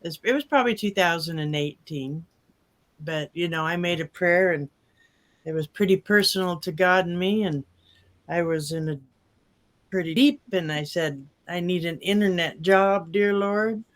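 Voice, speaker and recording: Older man, high voice, folksy rambling testimony. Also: normal speed, a bit bright. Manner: rambling, folksy, with many fillers. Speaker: testimonial speaker. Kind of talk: casual personal testimony.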